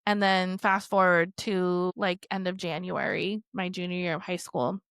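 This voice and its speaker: A woman's voice: lowish voice, fairly even intonation, measured pace, a bit bright, clear, resonant tone, no echo, studio quality. A woman podcast host telling her own story candidly, rambling with lots of "like" and swearing freely.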